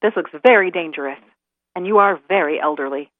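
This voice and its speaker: Woman doing a hurried, worried wolf. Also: lowish voice, no echo, close to an everyday voice. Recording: tinny phone-like line.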